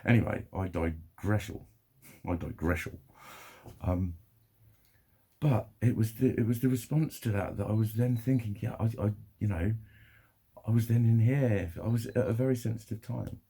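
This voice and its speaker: A man's voice: lowish voice, moderate pace, gravelly, warm tone, slightly rough. A young man ranting to camera in a sweary, rambling, heated way. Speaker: vlogger.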